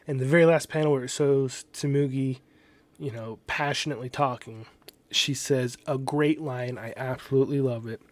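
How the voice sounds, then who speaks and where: A man casually talking through manga panels one by one and paraphrasing the characters' lines in a halting, chatty way. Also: mid-range voice, fairly even intonation, a little mellow, no echo. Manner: casual, halting, many restarts and fillers, paraphrases dialogue loosely. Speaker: manga translator and commentator.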